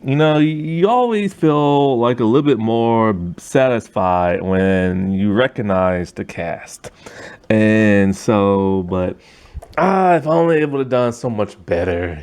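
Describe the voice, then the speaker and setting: A man's voice: mid-range voice, a little mellow. A man giving a casual, rambling spoken movie review, full of fillers and asides. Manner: rambling, fillers like "you know what I'm saying".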